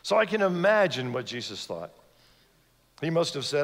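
A man's voice: fairly high pitch, big pitch swings, moderate pace, pauses often, fairly bright tone. A man preaching a sermon as a guest speaker, telling a story and acting out the voices of its people. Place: large church sanctuary. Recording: long hall reverb from a church sanctuary.

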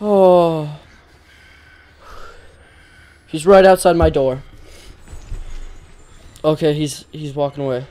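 A man's voice: on the high side, slow pace, long pauses, warm tone. A young man commenting on a horror game as he plays it, often panicking, yelping and repeating himself when scared. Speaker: gamer.

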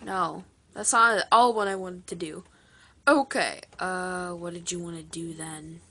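A teenage girl who makes toy skit videos rambles playfully through an outro in a put-on accent, chatting casually. Her voice is on the low side, bright and forceful, at a measured pace.

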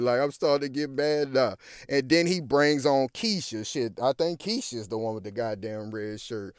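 A man's voice: mid-range voice, normal speed, smooth, no room sound, clean studio sound. A man ranting in heated, profane commentary, often tagging lines with "you dig" and "goddamn it".

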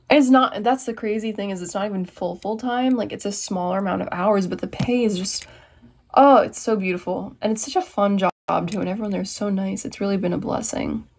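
Brief: young American woman, bubbly livestream host, mid-pitched voice, chats with her viewers. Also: a little mellow. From United States. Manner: bubbly, reads viewer comments aloud and answers them. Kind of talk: casual livestream chat.

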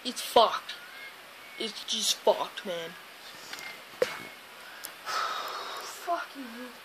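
Sitting by a window at home, a woman who has just woken up vlogs in a casual, rambling way, drowsy and grumbling and swearing in almost every sentence. Her slightly high voice has lively intonation but moves extremely slowly, over a noisy background.

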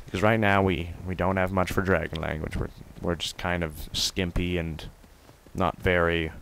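A man doing let's play commentary, swinging from excited yelling and taunts to quiet muttering. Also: low-pitched, moderate pace, slight background noise. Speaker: gamer.

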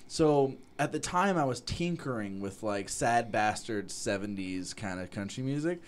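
A man's voice: mid-range voice, lively intonation, unhurried, hardly any pauses. A man in casual chat, talking loosely with lots of fillers and swearing.

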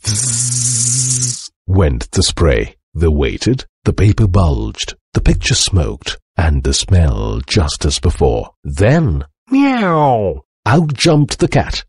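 A man reading a children's storybook aloud with animated, expressive narration. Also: rumbling low, slow, vocal fry, few pauses, husky, dry recording, clean studio sound. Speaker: storybook reader.

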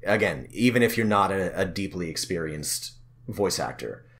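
A man's voice: low voice, animated, moderate pace, fairly bright tone. A man co-hosting a podcast about tabletop games, chatting casually, laughing often and restarting his sentences. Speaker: podcast co-host. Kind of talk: casual chat.

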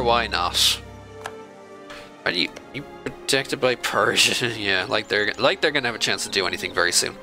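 Sharp-toned man narrating his gameplay. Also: mid-range voice, rough recording. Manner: chatty, scolding the computer opponents in mock outrage. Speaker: video game let's-play host. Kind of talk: casual gameplay commentary.

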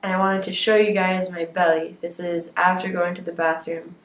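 A woman with a raspy voice, chatting candidly to her viewers in a casual video diary. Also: lowish voice, flat delivery, moderate pace, echoey room, heavy background noise. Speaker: vlogger.

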